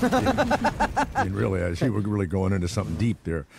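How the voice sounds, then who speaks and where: A man's voice: lowish voice, huge pitch swings, moderate pace, creaky, noisy background. An older man hosting a radio talk show. He teases his guest with crude jokes and laughs often. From New Orleans, USA. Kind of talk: casual radio banter.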